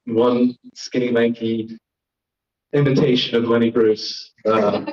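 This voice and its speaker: A man's voice: mid-range voice, steady tone, takes it slowly, a little mellow. A young man from Florida doing a live stand-up set, rambling, self-deprecating and riffing with the crowd. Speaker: stand-up comedian and host. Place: comedy stage. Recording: lo-fi live stream audio.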